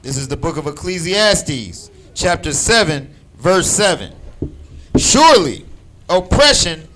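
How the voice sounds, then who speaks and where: A man slowly and deliberately reading a Bible verse aloud. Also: on the high side, very animated, bright, forceful tone, poor audio. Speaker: scripture reader.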